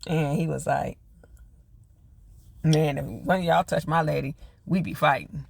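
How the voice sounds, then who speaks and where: A man's voice: a little high, fairly even intonation, unhurried, gravelly, no echo. A man giving a casual recap of a TV episode. He retells the scenes in quoted dialogue and reacts to the characters with laughs. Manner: loose, chatty, full of fillers like "you know" and "or whatever". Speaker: TV episode reviewer.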